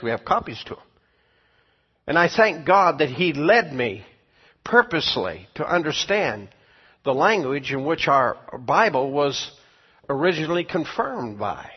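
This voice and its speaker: A man preaching a sermon as pastor and teacher, speaking emphatically and swinging between quiet and loud passages. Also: mid-range voice, husky. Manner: emphatic preaching, rising and falling in volume. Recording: dull lo-fi sound with long hall reverb.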